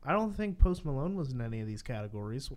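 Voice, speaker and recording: A young man co-hosting a casual podcast, talking lively and listing names quickly. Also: medium pitch. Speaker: podcast co-host. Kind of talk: casual chat.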